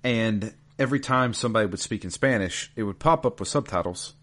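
A man in casual podcast chat, recapping a video game in a relaxed, rambling way with lots of fillers. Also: fairly low pitch, brisk.

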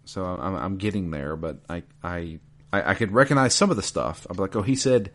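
Deep-voiced man chatting casually. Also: moderate pace. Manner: relaxed, rambling, filler-heavy. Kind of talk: casual chat recapping a video game.

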